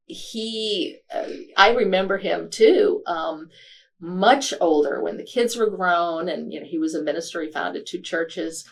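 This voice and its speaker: A woman author as a podcast interview guest, speaking reflectively and halting with frequent fillers. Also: on the low side, creaky.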